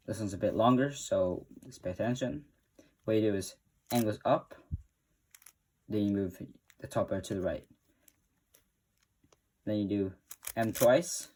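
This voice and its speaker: Low-voiced man explaining a tutorial. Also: a little mellow, a little hiss or hum. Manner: stop-start, self-correcting. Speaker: tutorial host. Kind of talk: casual spoken tutorial.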